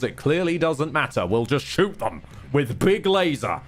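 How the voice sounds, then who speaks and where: A man's voice: fairly high pitch, sing-song, measured pace. A man live-streaming a game, chatting casually, rambling and swearing often with candid asides.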